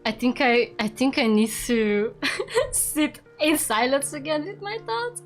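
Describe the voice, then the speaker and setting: A high-voiced woman chats with her stream viewers. She is excitable, with sudden squeals and soft mutters. Faint game music plays behind her voice. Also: unhurried. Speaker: VTuber streamer. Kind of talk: casual live-stream chat with viewers.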